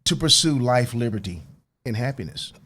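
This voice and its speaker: A man's voice: mid-range voice, animated, normal speed, fairly bright tone, husky. Earnest motivational man with hiccups. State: has the hiccups. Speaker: guest. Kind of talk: casual talk show conversation.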